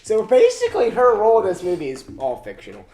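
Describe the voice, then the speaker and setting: A woman co-hosting a casual movie review podcast, chatty and quick to laugh, often restarting her sentences. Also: medium pitch, wildly swooping pitch, mellow, echoey room, slight background noise. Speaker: podcast co-host.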